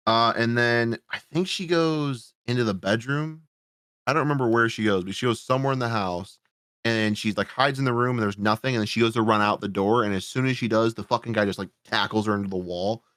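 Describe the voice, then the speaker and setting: A man's voice: mid-range voice, fairly quick, fairly bright tone, dry recording, studio quality. A man hosting a podcast, reviewing a horror movie in a casual, sarcastic, rambling way, swearing often. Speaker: podcast host.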